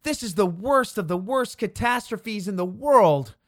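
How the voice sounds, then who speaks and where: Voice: medium pitch, huge pitch swings, slow pace, no echo, studio quality, voice pushed up. A narrator reenacting a 1930s male radio reporter describing a disaster as it happens, breathless, with broken-off exclamations. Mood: horrified.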